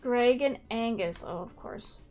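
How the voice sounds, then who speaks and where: High-voiced woman streamer chatting. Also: unhurried, darkish tone. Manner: chatty, playful. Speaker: gaming streamer. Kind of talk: casual gameplay commentary. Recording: faint game music behind.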